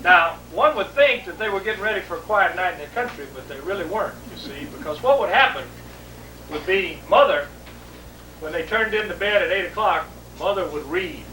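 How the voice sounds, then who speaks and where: A man telling a comic family story to a live audience, animated and repetitive. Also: sits high, fairly quick. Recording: echoey room, distant mic, noisy.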